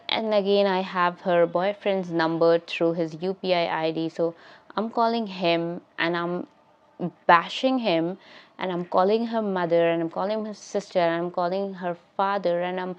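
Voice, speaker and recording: A woman's voice: on the low side, a little mellow, clean tone. A young woman tells a casual storytime at home, rambling and restarting her sentences as she does her makeup. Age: young adult. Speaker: vlogger telling a story. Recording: slightly dull, lo-fi sound.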